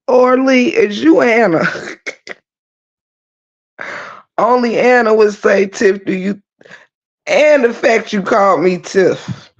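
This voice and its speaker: A woman hosting a casual livestream, teasing her viewers, breaking into laughter and loud exclamations. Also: medium pitch, takes it slowly, long pauses, lo-fi sound. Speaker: livestream host.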